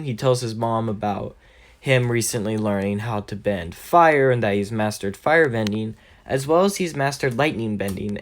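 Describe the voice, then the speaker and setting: A man casually narrating a fan-made story, rambling with fillers and frequent self-corrections. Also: mid-range voice.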